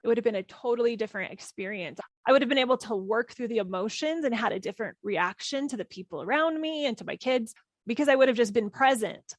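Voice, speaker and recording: A woman in her thirties hosting a parenting podcast, talking calmly and reflectively, gently repeating key phrases. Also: fairly high pitch, dry recording. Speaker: parenting coach and podcast host. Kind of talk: reflective solo podcast talk.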